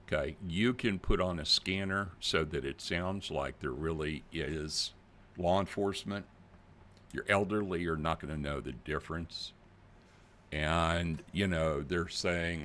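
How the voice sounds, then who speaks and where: An older man hosting a casual video, plain-spoken and animated, talking directly to his viewers. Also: deep voice, measured pace, a little hiss or hum. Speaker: channel host.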